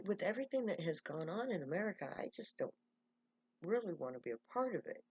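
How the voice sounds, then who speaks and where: Earnest redhead nanny girl, a woman doing her, breathy, swings up and down. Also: fairly low pitch, darkish tone, no echo, full character voice. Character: earnest young red-haired nanny woman.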